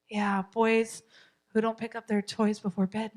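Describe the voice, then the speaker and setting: A woman's voice: a little high, level tone, unhurried. Encouraging woman teaching a parenting class. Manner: encouraging, repeats key points, laughs often. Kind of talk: live parenting class talk. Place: church.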